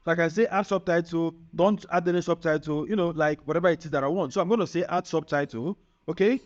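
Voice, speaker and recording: A man presenting a screen-recorded software tutorial, upbeat and chatty, often checking in with the viewer. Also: a little high, quick pace. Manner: upbeat, chatty, keeps asking "right?". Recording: muffled lo-fi sound.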